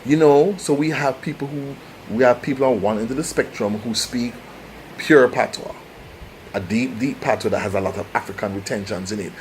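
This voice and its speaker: A man's voice: medium pitch, moderate pace, slight background noise. A Jamaican man speaking in a casual, passionate monologue, emphatic and restarting his phrases often. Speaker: host.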